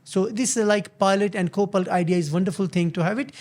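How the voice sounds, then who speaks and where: An older man hosting his own show, giving earnest, motivational business advice in a halting way, often restarting and repeating words. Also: high-pitched, darkish tone. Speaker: business founder and show host.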